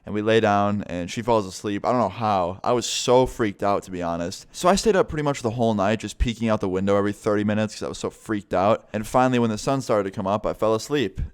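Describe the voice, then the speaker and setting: A young man tells a personal story to his camera in a casual, animated way, swearing freely. His voice sits low and sounds smooth and clear. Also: fast talker, hardly any pauses. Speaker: vlogger.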